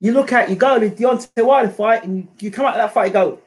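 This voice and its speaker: A man's voice: sits high, quick pace, hardly any pauses. A man hosting a boxing channel, giving his casual, opinionated reaction commentary with lots of fillers and restarts.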